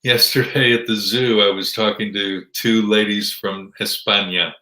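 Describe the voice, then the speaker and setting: Wry Midwestern American man, bright voice. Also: on the low side, steady tone, unhurried, reverberant, low-quality recording. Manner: dry joking, wry. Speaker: ministry representative guest. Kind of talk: casual interview chat.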